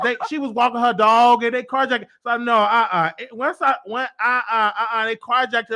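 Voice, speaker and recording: A man's voice: high voice, pushed and bright. A man hosting a casual comedy talk show, talking in a boastful, over-the-top way. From Chicago. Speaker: show host.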